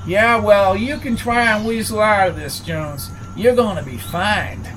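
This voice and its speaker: Figure: a man doing a gruff gas crew foreman. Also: sits high, a little slow, a bit bright, slight background noise, pitched above the performer's own voice, poor audio. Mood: threatening.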